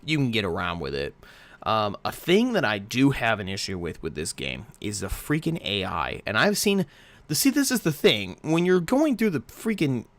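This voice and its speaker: A man's voice: lowish voice, huge pitch swings, normal speed, a bit bright, no echo. Ranting man reviewing a game. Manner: exasperated, ranting, swears freely. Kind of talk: casual game review rant.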